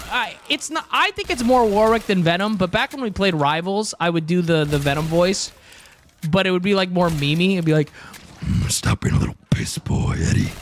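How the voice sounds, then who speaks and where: A man's voice: sits high, fairly bright tone, a little hiss or hum. A young man livestreaming, chatting casually with viewers in a joking, rambling way. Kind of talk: casual stream chat with viewers.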